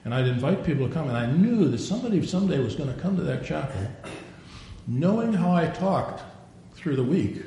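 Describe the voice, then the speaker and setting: A man's voice: lively intonation, moderate pace, mellow. An older man preaching a sermon, a digressive storyteller who acts out the quotes he tells. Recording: very echoey room, faint rumble.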